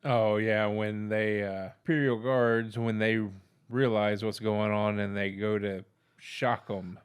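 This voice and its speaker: A man's voice: lowish voice, level tone, slow pace, slight background noise. A man co-hosting a casual episode review, blunt and laid-back, swearing now and then. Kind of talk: casual chat.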